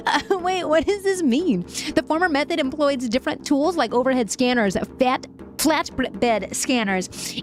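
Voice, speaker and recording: A woman streamer reading news aloud, reacting emotionally and chatting with viewers in a casual live-stream. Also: high-pitched. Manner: emotional, frequently laughing and venting; reads articles aloud with asides.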